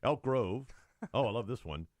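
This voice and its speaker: A man's voice: medium pitch, expressive, moderate pace, no room sound. A man co-hosting a talk show, reading news stories aloud with mocking, sarcastic asides. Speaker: radio show co-host. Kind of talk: opinionated talk show chat.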